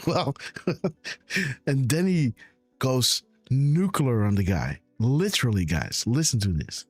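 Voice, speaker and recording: A man hosting a live stream, reacting to a press clip with excited, mocking commentary and frequent laughter. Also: medium pitch, takes it slowly, slightly rough, soft background music. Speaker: host reacting to a news clip.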